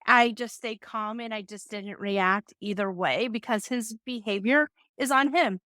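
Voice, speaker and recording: Calm middle-aged woman giving advice. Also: on the high side, unhurried, dry recording. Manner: calm, warm-toned storytelling with small restarts. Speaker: self-help coach. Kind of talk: advice talk with a personal story.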